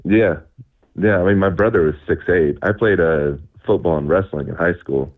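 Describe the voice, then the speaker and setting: A man's voice: sits low, moderate pace. A young man calling in on a phone line, chatting casually in a rambling way, laughing often and saying "like" and "dude" a lot. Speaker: caller.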